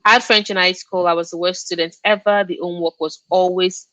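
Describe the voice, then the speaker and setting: A woman's voice: on the low side, steady tone, brisk, pushed and bright, no echo. Chatty young woman, Yoruba her first language. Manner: chatty and laughing, reacts to viewer comments. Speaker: book streamer hosting a reading check-in. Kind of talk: casual live-stream chat.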